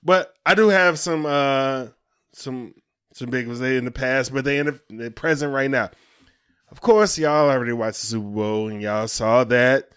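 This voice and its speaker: A man co-hosting a podcast, talking in a loud, profane, teasing way. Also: mid-range voice, moderate pace, clean tone. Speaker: podcast co-host. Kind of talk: casual chat.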